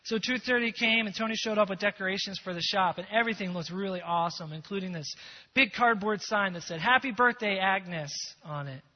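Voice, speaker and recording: A male preacher telling a story in a sermon, animated, moving from loud to hushed. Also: high-pitched, quick pace. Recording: long hall echo, dull sound.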